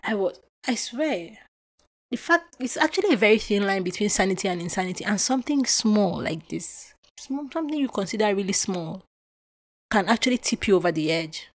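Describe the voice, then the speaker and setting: A woman's voice: mid-range voice, brisk. A young adult woman from Nigeria hosting a podcast, telling a personal story with emotion and acting out what was said. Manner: animated, emotional retelling with acted-out quotes. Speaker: podcast host.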